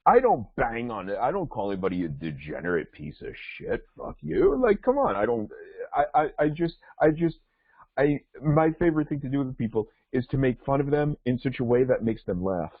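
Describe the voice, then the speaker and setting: A man's voice: mid-range voice, very animated, a little fast, no room sound. A male podcast host telling a rambling story in casual chat, full of restarts and fillers. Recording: tinny phone-like line.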